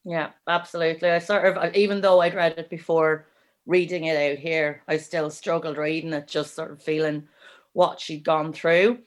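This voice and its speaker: A woman, co-hosting a podcast discussion in an earnest, measured way with soft hedges. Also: deep voice, level tone. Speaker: podcast co-host and story reader.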